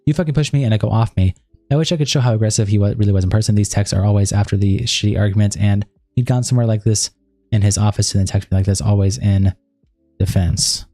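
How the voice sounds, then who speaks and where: A man hosting a livestream, quickly reading text messages and written statements aloud. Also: lowish voice, steady tone, mellow, dry recording, faint music behind. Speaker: livestream host.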